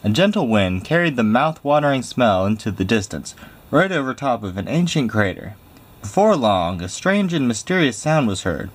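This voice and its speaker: A man reading a picture book aloud in a lively, expressive way. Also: mid-range voice, moderate pace, slightly rough. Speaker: storybook reader.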